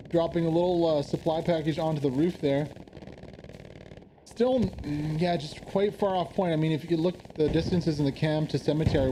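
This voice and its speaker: A man giving casual live commentary on an online war game match, chatty and quick to laugh. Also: fairly high pitch, background noise. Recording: game gunfire and explosions behind.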